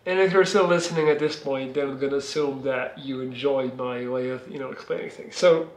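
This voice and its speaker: A man's voice: medium pitch, fairly even intonation, a little fast, echoey room. A Belgian man, telling a long, rambling personal story in a casual vlog from his living room, swearing freely. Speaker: vlogger.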